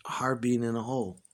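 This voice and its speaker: A man's voice: medium pitch, gravelly. Profane rambling male storyteller. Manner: profane, rambling, excitable when retelling. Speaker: musician. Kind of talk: casual storytelling monologue.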